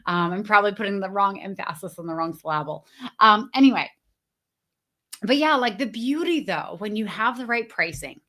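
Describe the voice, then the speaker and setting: Bright, chatty woman coaching on a livestream. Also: medium pitch, expressive, normal speed. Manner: chatty, lots of fillers and restarts; greets viewers in the chat. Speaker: business coach. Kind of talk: casual livestream talk. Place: at home.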